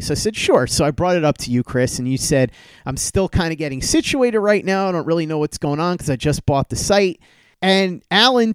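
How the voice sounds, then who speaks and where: Man, podcast host, casual storytelling, animated quotes, smooth tone, dry sound. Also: medium pitch, dry recording. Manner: animated retelling, acts out quoted texts with raised voice.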